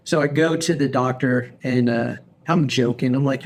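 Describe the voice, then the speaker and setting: Animated man telling a story. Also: mid-range voice, normal speed. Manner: animated storyteller, acts out his own quoted lines. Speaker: podcast host. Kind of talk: casual storytelling chat. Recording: faint background noise.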